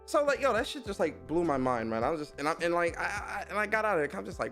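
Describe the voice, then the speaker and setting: Man, gaming show host, high voice, swings wildly up and down, profane storyteller, faint music behind. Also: fast, hardly any pauses. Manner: animated, profane storytelling with mocking impressions. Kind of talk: casual rant.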